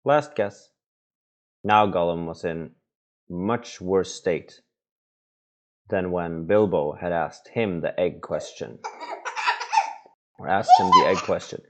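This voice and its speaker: Very deep, slow reader. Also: male voice. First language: Norwegian. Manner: gentle, patient reading with small asides. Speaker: parent reading to his children. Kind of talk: storybook read-aloud.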